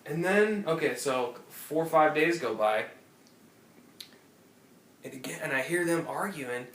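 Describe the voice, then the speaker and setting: A man co-hosting a casual podcast tells an animated, unhurried, profane story with many restarts, his fairly high voice a bit bright. The phone or tablet sat off-mic in an apartment room, so the audio is roomy with a little hiss or hum.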